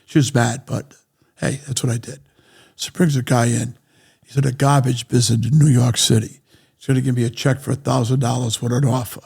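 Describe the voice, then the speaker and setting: A man with a New England accent, telling a long business story on a podcast and acting out everyone's lines as he goes. His voice is gravelly, with a husky edge. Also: mid-range voice, brisk. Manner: animated anecdotes, acting out other people's lines. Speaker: real estate developer.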